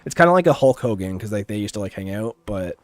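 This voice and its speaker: Laid-back low-voiced male streamer. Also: quick pace, dry recording, clean studio sound. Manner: relaxed, rambling, laughs often. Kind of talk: casual gaming stream chat.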